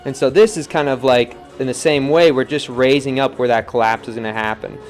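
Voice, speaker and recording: A relaxed young man talks viewers through his work at the pottery wheel in an easygoing, chatty way, often trailing off into soft counting. His pitch sits in an ordinary middle range, and faint music plays behind him. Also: brisk. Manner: relaxed, chatty, reads viewer comments, counts aloud softly. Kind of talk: live-streamed pottery demo, casual teaching.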